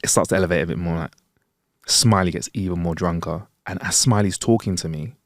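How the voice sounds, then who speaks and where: Man, lowish voice, animated storyteller, dry close sound. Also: a little fast, no room sound. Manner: animated, swears freely, acts out the people in his story. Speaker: podcast co-host. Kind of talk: casual storytelling chat.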